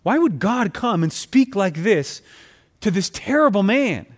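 A man's voice: high-pitched, big pitch swings, measured pace. A man preaching a sermon, reading scripture aloud and pressing his points with rising emphasis, calling his listeners friends.

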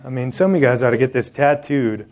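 A man's voice: medium pitch, quick pace, a little mellow. A man preaching a sermon, joking and talking straight to the congregation in an indoor hall. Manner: conversational and joking, addressing the congregation directly.

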